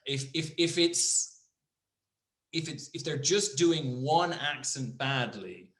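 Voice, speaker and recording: A man's voice: a little high, lively intonation, slow pace, a bit bright, reverberant. A man co-hosting a podcast, chatting casually, rambling with many restarts and some swearing. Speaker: podcast co-host. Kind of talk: casual chat.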